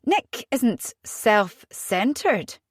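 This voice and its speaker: A woman's voice: on the high side, big pitch swings, drawn-out words, husky, no room sound, clean studio sound, exaggerated voice. A woman voicing a weary husband in an audiobook, reasoning in an exasperated way without much change to her own voice. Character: weary, defensive husband and father.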